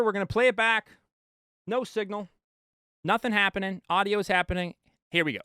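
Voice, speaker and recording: A male mixing engineer giving an animated studio tutorial, with playful asides to viewers. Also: high-pitched, a little fast, long pauses, clean tone, dry recording.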